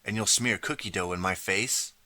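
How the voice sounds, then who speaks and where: A man's voice: on the low side, moderate pace, sharp tone, dry recording. A man voicing a suspicious, mocking schoolgirl who snaps back. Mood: scornful. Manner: snappy, scornful.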